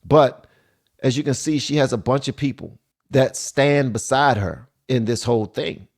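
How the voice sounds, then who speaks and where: A man hosting a reaction commentary show, talking into a desk microphone and often repeating himself. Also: on the low side. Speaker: channel host.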